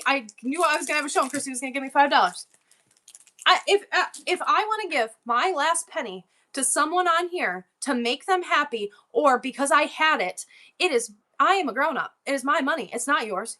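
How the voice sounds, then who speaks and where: High bright-voiced worked-up woman. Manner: worked-up, rambling, emotional. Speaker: livestream seller. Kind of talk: casual livestream chat.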